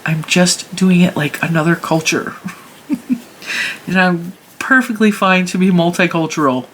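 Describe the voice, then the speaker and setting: A woman's voice: fairly low pitch, a little slow, slight background noise. A woman hosting her own knitting channel, talking casually and emphatically as she demonstrates stitches at home. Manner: chatty and emphatic, talks through her hands' work.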